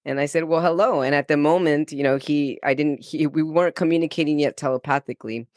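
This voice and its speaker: A man guesting on a podcast, telling an earnest personal story in a casual, animated way, acting out his own inner dialogue and laughing easily. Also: on the high side, quick pace, dry recording, studio quality. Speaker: guest spiritual channeler.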